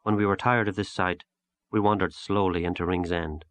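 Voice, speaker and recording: A man narrating a literary short story in a measured, unhurried audiobook reading. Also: low-pitched, steady tone, fairly bright tone, dry recording.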